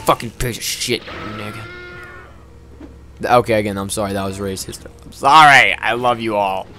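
A man giving profane, loud gaming commentary, yelling at the game often and then dropping into sheepish apologies. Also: fairly low pitch, fairly even intonation, faint music behind. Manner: quick swings between ranting and sheepish apologies. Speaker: gaming video host. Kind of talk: let's-play gaming commentary.

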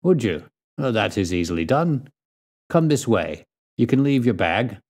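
A man's voice: fairly low pitch, big pitch swings, a little slow, a little mellow, heavily acted. A man voicing a tall, stout male police inspector, blunt and jovial, speaking in a hearty, plain-spoken way in a storybook reading.

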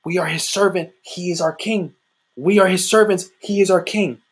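A man delivers a heartfelt sermon, swinging from urgent emphasis to quiet, intimate asides. His voice sits fairly high and has a husky, breathy grain. He repeats lines for weight and talks to his listeners like friends. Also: fairly even intonation, moderate pace. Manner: impassioned, repetitive, addresses listeners as "guys". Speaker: preacher.

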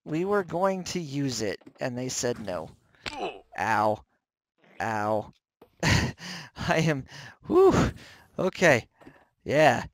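A man hosting a game let's play, commenting on his own play with jumpy, excitable reactions, yelps and self-mockery, close to the microphone. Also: medium pitch, drawn-out words, pauses often, no room sound. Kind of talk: gameplay commentary.

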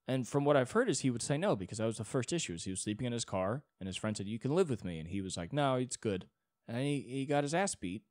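A man's voice: medium pitch, sing-song, fast talker, no room sound, clean studio sound. A young man hosting a solo podcast, rambling in a casual monologue with many restarts and frequent swearing. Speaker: podcast host.

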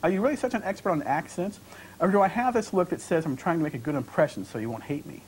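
A man's voice: a little high, expressive, fast, darkish tone, a little hiss or hum, natural voice, rough recording. A man reading aloud from his novel, voicing a wry, talkative young American woman traveler with ironic, lightly defensive chatter. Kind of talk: author reading dialogue aloud.

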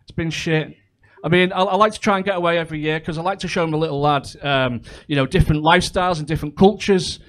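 A man's voice: fairly high pitch, quick pace, fairly bright tone. A man performing a crude, chatty stand-up comedy set, full of ums and asides. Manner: chatty, crude, with frequent fillers.

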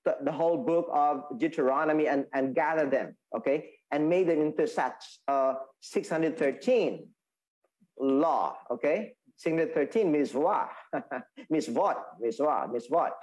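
Man teaching a Bible lesson, halting. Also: on the high side, lively intonation, darkish tone, low-quality recording. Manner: explaining, repeats and restates points, halting with fillers. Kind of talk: Sabbath school lesson.

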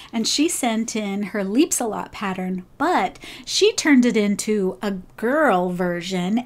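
A woman hosting a crochet channel, casually showing off viewers' craft projects and gushing over each one. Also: mid-range voice. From United States. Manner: gushing, enthusiastic praise.

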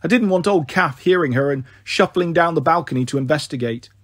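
A man reading a children's novel aloud in steady, expressive first-person narration. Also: on the high side, a little fast, no echo, studio quality. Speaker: storyteller. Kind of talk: children's book read aloud.

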